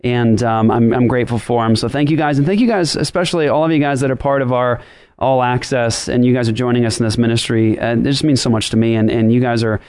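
A man's voice: mid-range voice, fast talker, a little mellow, smooth, no echo, studio quality. Rambling man hosting a ministry talk show. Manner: rambling, repeats himself, sarcastic jokes. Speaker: podcast host.

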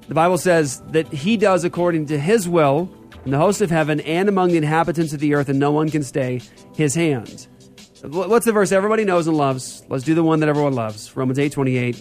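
A man's voice: a little high, moderate pace, soft background music. A man hosting a church talk show, teaching theology in an emphatic style and repeating key phrases.

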